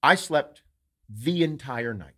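A man telling a story on his podcast in loose, casual conversation. His voice sits in a mid range, and he swears freely. He tells the story in an animated way. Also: medium pitch, slow pace. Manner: profane, animated anecdote-telling. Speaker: podcast host.

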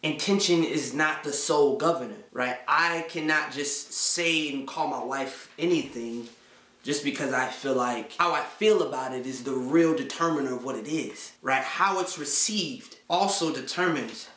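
A man's voice: mid-range voice, normal speed, sharp tone. A man hosting a Christian video channel, talking casually to his viewers in slang and often checking in with "right?". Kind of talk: casual talk to camera. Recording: echoey room.

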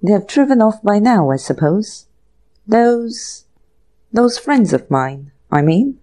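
A theatrical young gentleman, dryly sorry for himself after a robbery, as a woman reader voices him. The delivery is mellow, dark-toned and slow. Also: medium pitch, big pitch swings. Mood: dismayed. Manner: theatrical, dryly self-pitying. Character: flustered young gentleman who has been robbed.

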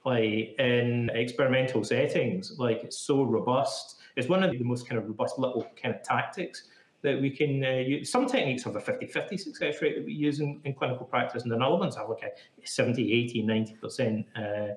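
Heard in an echoey space, the man has a medium-pitched voice and talks fairly quickly. He's being interviewed as a psychotherapist and explains things in a relaxed, chatty manner full of "like."

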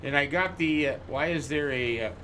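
A man hosting a farming game video, chatting in character with folksy, jokey storytelling and quick exclamations. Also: fairly high pitch, bright, forceful tone, slight background noise. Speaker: gaming channel host. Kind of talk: in-character let's-play commentary.

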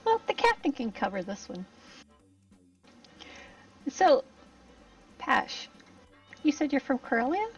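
A woman playing her character at a tabletop game, chatty and animated. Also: sits high, takes it slowly, long pauses. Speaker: player. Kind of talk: in-character tabletop role-play. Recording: dull, distant mic with background music.

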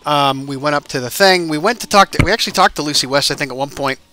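Bright-voiced man rambling over gameplay. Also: on the high side, fast talker. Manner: rambling, thinks aloud with many fillers. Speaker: gaming YouTuber. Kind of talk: let's play commentary.

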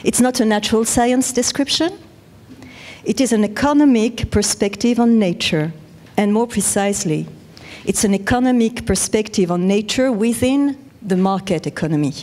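A woman with a French accent giving a measured, explanatory conference talk. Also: mid-range voice, a little mellow. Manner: measured, explanatory, with self-corrections. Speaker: conference speaker.

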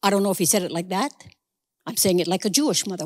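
A woman's voice: medium pitch, expressive, quick pace, big-room sound. A woman preaching a sermon, telling a story conversationally with humorous asides.

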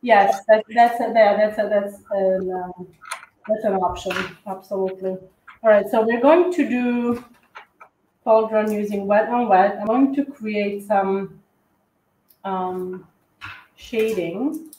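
A woman co-hosting a live cookie-decorating tutorial, chatting in a halting way with lots of fillers and restarts. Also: mid-range voice, warm tone, reverberant, a little hiss or hum, low-quality recording. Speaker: cookie decorating livestream co-host. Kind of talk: casual tutorial chat while decorating.

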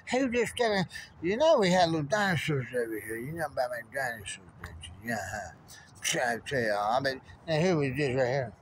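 A man's voice: medium pitch, expressive, normal speed, a little hiss or hum. A man in a rambling monologue, muttering strings of numbers and codes to himself. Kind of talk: stream-of-consciousness monologue.

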